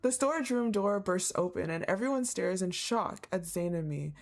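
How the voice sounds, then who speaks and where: A woman's voice: mid-range voice, lively intonation, moderate pace. A woman streaming her reaction to a game, reading the story aloud and laughing a lot. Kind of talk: casual live reaction.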